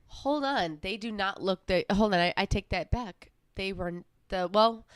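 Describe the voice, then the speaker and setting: A woman's voice: mid-range voice, normal speed, clear, resonant tone, no echo. A woman co-hosting a podcast, chatting bluntly about a reality show, often trailing off and restarting. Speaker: podcast co-host.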